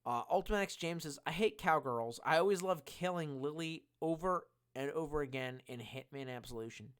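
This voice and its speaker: A drunk man streaming, reading chat aloud and rambling with constant swearing and sudden loud outbursts. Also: a little high, fairly quick, clean tone. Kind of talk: casual live-stream chat.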